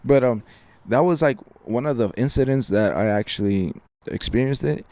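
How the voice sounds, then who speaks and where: A man's voice: medium pitch, normal speed, a little mellow. A young man casually telling a spooky story on a podcast, slangy and profane, tossing in "fool" every few words. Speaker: podcast co-host.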